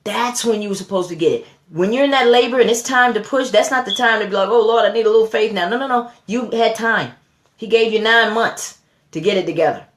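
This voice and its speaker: A woman's voice: on the high side, brisk, fairly bright tone, roomy sound. A woman giving a motivational sermon, repeating phrases and building to fervent emphasis. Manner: preachy, repetitive call-and-response, rising to fervent emphasis. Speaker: motivational speaker.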